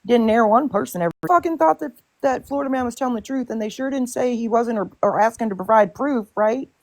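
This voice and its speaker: A woman's voice: fairly high pitch, fast, darkish tone. A woman hosting a live stream in casual chat, ranting bluntly and swearing often in exasperation.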